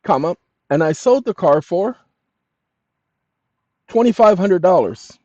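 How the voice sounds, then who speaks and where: Addressing his audience as "ladies and gentlemen," this fairly high-voiced channel host delivers an insistent lecturing monologue with lively intonation. At times he dictates text slowly and deliberately, word by word, and the sound is dry, muffled, and lo-fi.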